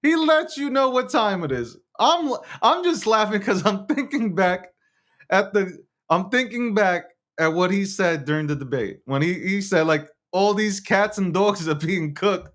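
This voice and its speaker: A man hosting his own show launches into a loose, opinionated political rant, tripping over words and starting them again. His high voice swings widely in pitch, he laughs and swears freely, and he sounds expressive at a moderate pace with a fairly bright tone.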